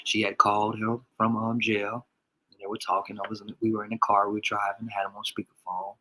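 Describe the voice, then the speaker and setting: A man with a low-set voice that has a sharp, bright edge delivers an emotional casual vlog monologue. His voice is raspy and crackles, and he stumbles and repeats words as he talks. The feeling is of a father speaking openly to his followers. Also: monotone, brisk.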